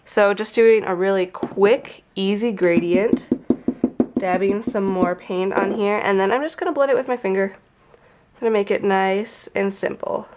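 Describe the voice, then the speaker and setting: A woman's voice: mid-range voice, a little slow, background noise. A young woman with a stuffy, nasal voice from a cold, chatting casually as she explains a craft tutorial step by step. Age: young adult. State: congested from a cold. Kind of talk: casual how-to narration.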